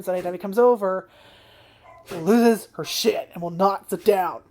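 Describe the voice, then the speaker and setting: A woman's voice: fairly low pitch, a little mellow. Rambling, swearing woman vlogger. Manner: rambling, swears often, trails off. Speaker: anime vlogger. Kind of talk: casual chat. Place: home, indoors.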